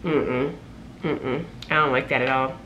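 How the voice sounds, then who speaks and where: A woman's voice: very deep voice, unhurried, slight background noise. Sassy woman telling a storytime vlog. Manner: animated, sassy, loud laughs, exclaiming. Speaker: flight attendant vlogger.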